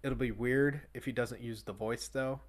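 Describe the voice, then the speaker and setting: A man's voice: mid-range voice, fairly even intonation, moderate pace. A man hosting a casual chat show, rambling with many fillers and restarts. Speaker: podcast host.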